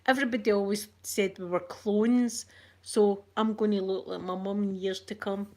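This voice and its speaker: A middle-aged Scottish woman hosting a soft-spoken ASMR vlog, chatty and rambling, with local words like wee and yous. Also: mid-range voice, steady tone, moderate pace. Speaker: ASMR channel host.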